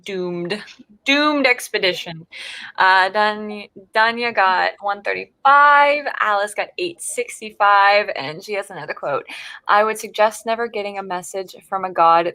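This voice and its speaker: A woman's voice: medium pitch, bright, forceful tone, no echo. A woman hosting a casual livestream, reading out chat messages, laughing often and tripping over her words. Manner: giggly, trips over words.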